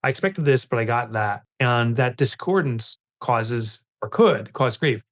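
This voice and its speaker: A man, a guest author on a podcast interview, telling a story in an animated way and acting out his own reactions. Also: medium pitch, a little slow.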